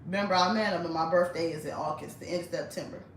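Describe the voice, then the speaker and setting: A young woman telling a story in a casual storytime monologue. She talks in an animated way, laughs often and acts out the voices of the people in her story. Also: on the low side, fast talker. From United States. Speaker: storyteller host. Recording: roomy, mic at a distance.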